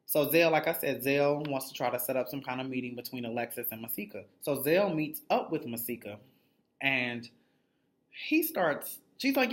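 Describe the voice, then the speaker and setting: A TV recap reviewer loosely runs through a reality show episode in a casual, profanity-heavy style. His slightly high voice is bright and forceful, swinging hugely in pitch at a moderate pace with long pauses. Blunt and gossipy, he keeps acting out the lines of the people he's discussing.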